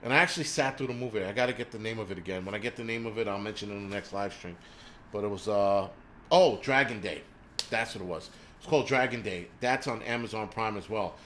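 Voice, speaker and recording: A man's voice: on the low side, brisk, a bit bright, a little hiss or hum. A man hosting a live stream, ranting casually and profanely with lots of fillers.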